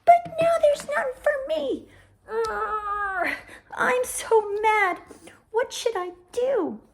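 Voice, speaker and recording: Young upset turtle boy for a kids' lesson, high and whiny, slow lines; a woman plays him. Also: very animated, background noise, exaggerated voice. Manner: childlike, whiny when upset. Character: young male cartoonish turtle, easily upset.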